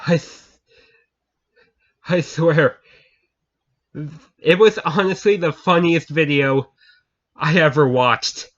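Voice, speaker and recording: A man's voice: fairly high pitch, takes it slowly, long pauses. A man telling viewers a funny story in a casual chat, often breaking into laughter and repeating himself. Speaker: channel host. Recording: dull lo-fi recording.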